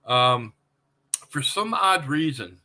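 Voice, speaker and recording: Bright-voiced man hosting a podcast. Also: mid-range voice, slow pace. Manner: relaxed, conversational storyteller. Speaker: podcast host. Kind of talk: casual podcast chat.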